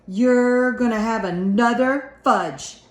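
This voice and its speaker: A woman reading a storybook aloud, voicing a grumpy older brother who shouts defiantly. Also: a little high, slow pace, pitched above the performer's own voice. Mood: angry. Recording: echoey room.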